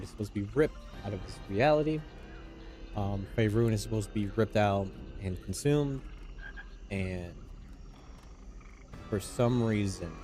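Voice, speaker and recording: A man's voice: lowish voice, a little mellow. A man running a tabletop game as game master, casual and profane, laughing often.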